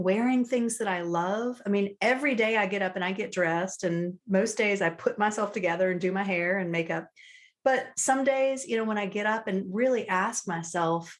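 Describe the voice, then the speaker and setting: A woman from the United States, a personal style coach, chatting reflectively in an interview over a video call. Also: medium pitch. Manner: warm, reflective, quotes her own thoughts aloud. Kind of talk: relaxed interview chat.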